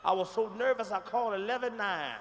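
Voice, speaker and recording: Man playing a high, gossipy auntie, shrill and breathless, live hall sound. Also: brisk, noisy background, close to an everyday voice. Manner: repetitive, breathless storytelling. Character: gossipy middle-aged woman relative retelling a death. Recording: live stage show in a large hall.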